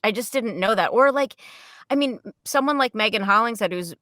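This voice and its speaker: Bright, higher-voiced chatty woman. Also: expressive, brisk, no echo, clean studio sound. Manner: bubbly and chatty, many "like" fillers. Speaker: voice actor and podcast co-host. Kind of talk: casual chat.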